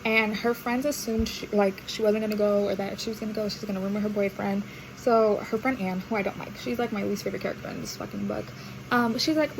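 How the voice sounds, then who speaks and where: A woman's voice: mid-range voice, steady tone, fast talker. A young woman vlogging casual reading updates, chatty and gushing, with lots of fillers. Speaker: book vlogger. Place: at home while doing laundry. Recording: noisy home recording. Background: washing machine noise.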